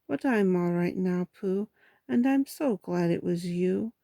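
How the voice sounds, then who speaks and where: A small, timid piglet from a storybook squeaks out his words with a trembling nervousness, as a woman reads him aloud. The voice sits on a mellow, slightly gravelly base. It is recorded close and dry. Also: unhurried, dry recording. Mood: nervous.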